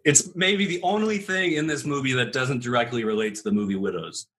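A man's voice: mid-range voice, fairly quick, fairly bright tone. A man casually telling a made-up movie plot to his co-hosts, rambling with many fillers and frequent laughs. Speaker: podcast host pitching a made-up movie. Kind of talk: casual comedic storytelling.

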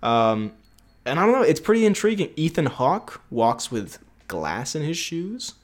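A man's voice: fairly high pitch, sing-song, a little slow. A young man co-hosting a podcast in casual chat, rambling and jokey, laughing often. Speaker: podcast co-host.

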